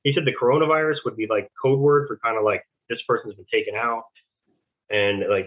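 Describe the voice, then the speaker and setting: A male interview guest tells his story in a loose, rambling way, playing out both sides of old conversations. He talks fast and barely pauses. His voice comes through a narrow, tinny phone-like line. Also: mid-range voice, fairly even intonation. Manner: rambling, acts out quoted back-and-forth dialogue. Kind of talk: casual testimony.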